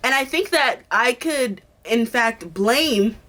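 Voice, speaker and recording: A woman's voice: a little high, expressive, slow pace, fairly bright tone. A young woman hosting her own video, chatting casually and gushing, with lots of "like.". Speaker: YouTube host. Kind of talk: casual chat.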